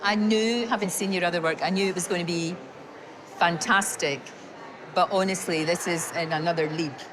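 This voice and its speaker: A middle-aged Scottish woman chatting warmly and effusively as the sitter at a portrait unveiling. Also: on the low side, fairly even intonation, moderate pace, over music. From Scotland. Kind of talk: unscripted chat at a portrait unveiling. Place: gallery event.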